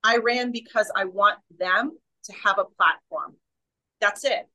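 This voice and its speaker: Woman, bright voice, emphatic, passionate, restarts mid-sentence, interview guest. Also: mid-range voice, a little slow, poor audio. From Canada. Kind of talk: casual interview chat.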